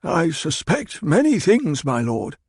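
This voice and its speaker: A man's voice: a little high, wildly swooping pitch, takes it slowly, slightly rough, dry recording, studio quality, voice pushed up, heavily acted. A man voicing a shrewd, bitter old spymaster who speaks in a clipped, coldly insistent way. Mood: cutting.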